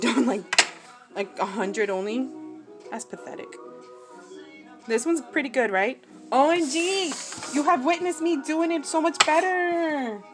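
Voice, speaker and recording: A woman in her forties from New Jersey, chatting casually and self-mockingly while she sews, rambling off on side stories. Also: mid-range voice. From New Jersey, USA. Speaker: crafting vlogger. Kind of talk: casual chat while sewing. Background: background music.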